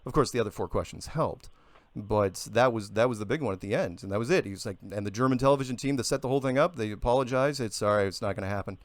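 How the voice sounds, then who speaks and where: A man arguing his case in a heated radio debate, insistent and quick to interrupt, breaking into emphatic outbursts. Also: mid-range voice, no room sound. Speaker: flat earth guest.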